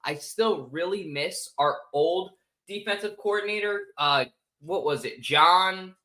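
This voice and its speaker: A man's voice: high voice, unhurried, bright, forceful tone, poor audio. A man co-hosting a sports podcast, joking and opinionated in casual chat. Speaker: podcast co-host.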